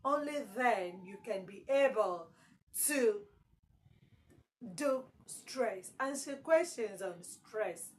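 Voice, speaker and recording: Slow, emphatic woman teaching English. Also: a little high, expressive, poor audio. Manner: slow, repeats words for emphasis. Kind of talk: exam-prep lesson.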